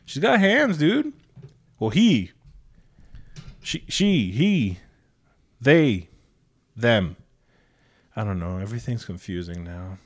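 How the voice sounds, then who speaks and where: A man's voice: medium pitch, big pitch swings, takes it slowly, pauses often. A man hosting a podcast in casual, blunt, heavily profane chat. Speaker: podcast host.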